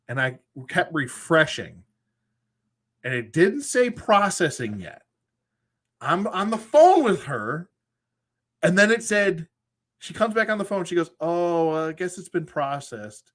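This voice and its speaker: A man's voice: high voice, sing-song, takes it slowly, long pauses, a bit bright. A man hosting a collectors' show, telling a frustrating customer service story in a casual, exasperated way with acted quotes. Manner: exasperated, retells phone calls in acted quotes.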